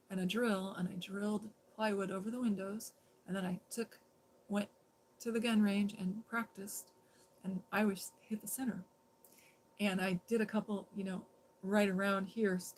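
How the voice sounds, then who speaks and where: A woman hosting a livestream, telling a rambling, animated story in casual talk and acting out the lines of the people in it. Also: medium pitch, a little hiss or hum. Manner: animated, rambling, quotes others in dialogue. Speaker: livestream host.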